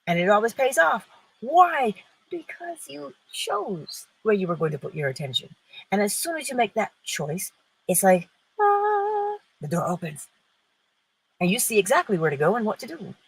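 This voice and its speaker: A woman's voice: medium pitch, huge pitch swings, moderate pace, slightly rough, rough recording. A woman hosting an inspirational talk, speaking emphatically and posing rhetorical questions that she answers herself. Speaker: host.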